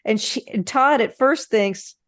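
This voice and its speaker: A woman's voice: fairly high pitch, no echo, studio quality. A woman co-hosting a podcast, chatting casually about a movie with easy amusement. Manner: chatty, amused, quick to laugh. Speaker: podcast co-host. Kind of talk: casual movie recap chat.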